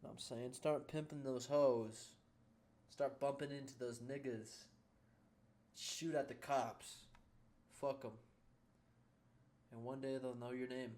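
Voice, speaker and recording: A man co-hosting a casual reaction show, giving crude, deadpan mock advice. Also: medium pitch, takes it slowly, pauses often. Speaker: co-host.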